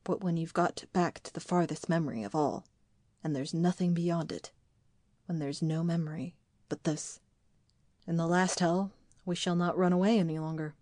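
A woman reading an audiobook, voicing a grim man named Oscar who speaks of hell slowly and bleakly. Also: lowish voice, fairly even intonation, darkish tone, no room sound, studio quality, close to an everyday voice. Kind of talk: audiobook dialogue.

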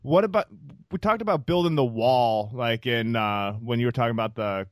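A man's voice: medium pitch, a little fast, dry recording, studio quality. A man hosting a casual podcast, asking rambling, curious questions and joking along. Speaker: podcast host.

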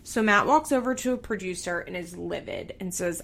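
A young woman recapping a reality show in a casual, animated way, peppering her talk with "like" and swearing freely. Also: lowish voice, normal speed, creaky, hardly any pauses.

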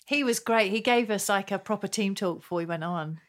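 A woman musician in casual chat, telling a story in a lively, laughing way. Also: mid-range voice, a little fast, heavy background noise.

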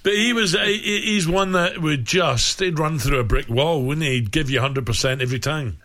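A man's voice: fairly high pitch, bright, forceful tone. A man hosting a sports breakfast radio show, chatty and enthusiastic. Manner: enthusiastic, quick backchannels. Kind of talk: casual radio chat.

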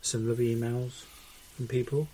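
A man's voice: mid-range voice, level tone, moderate pace, mellow, slight background noise. A man co-hosting a podcast in casual chat, hesitant with many fillers and dry quips. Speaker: podcast co-host.

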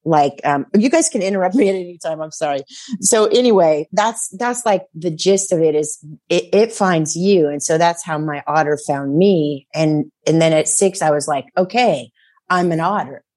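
A woman guest on a talk show, telling stories in a rambling, animated way, full of fillers and laughter. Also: low voice, moderate pace. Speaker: psychic guest. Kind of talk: casual chat.

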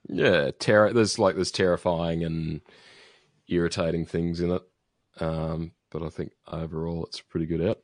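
A man's voice: deep voice, level tone, moderate pace, no room sound, studio quality. A man co-hosting a podcast, chatting casually and reading out a listener's email, with many ums and restarts. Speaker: podcast co-host.

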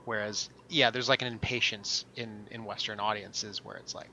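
A man's voice: fairly low pitch, level tone, normal speed, bright, forceful tone, a little hiss or hum, low-quality recording. A man co-hosting a podcast, chatting casually with offhand, jokey asides. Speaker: podcast co-host. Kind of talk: casual chat.

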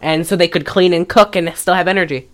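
A woman's voice: lowish voice, quick pace, faint music behind. A woman co-hosting a podcast in casual chat, retelling a film with lots of laughter and swearing. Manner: laughs often, swears freely, animated retelling. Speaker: podcast co-host.

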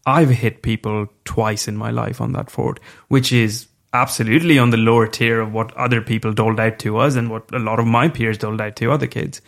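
Gravelly young man, frank storyteller. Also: on the low side. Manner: frank, reflective, swears casually. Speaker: guest storyteller. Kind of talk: candid personal storytelling.

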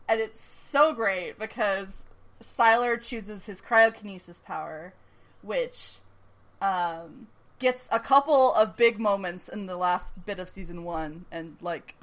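A woman co-hosting a podcast in casual chat, animated, laughing often and swearing casually. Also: medium pitch, slow pace. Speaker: podcast co-host. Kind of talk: casual chat recapping a TV episode.

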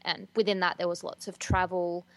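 A woman's voice: fairly low pitch, little pitch movement, moderate pace, a bit bright, no echo. A young Australian woman, a musician guest, talking in a chatty, giggly way with many ums. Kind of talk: casual interview chat.

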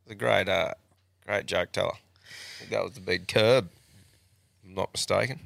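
A man's voice: deep voice, steady tone, normal speed, creaky, fairly bright tone, no room sound, clean studio sound. An Australian man hosting a podcast, swearing and laughing through casual banter. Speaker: podcast host. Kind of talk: casual chat.

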